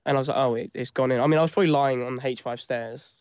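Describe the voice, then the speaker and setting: A man on a casual football podcast, talking quickly and repeating his words as he goes. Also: medium pitch, fairly even intonation, a little mellow, smooth. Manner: quick, repeats himself and restarts. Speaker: podcast panelist.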